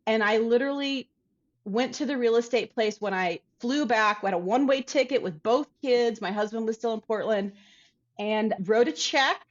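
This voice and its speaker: A woman artist from Ohio telling a story in a casual interview, chatty and animated. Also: fairly high pitch, moderate pace, muffled recording. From Dayton, Ohio. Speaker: artist guest.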